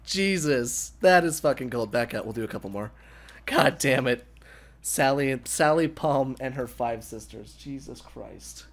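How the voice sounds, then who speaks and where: A young man hosting a casual gaming livestream, excitable and swearing freely between laughs. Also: mid-range voice, a little slow. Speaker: livestream host.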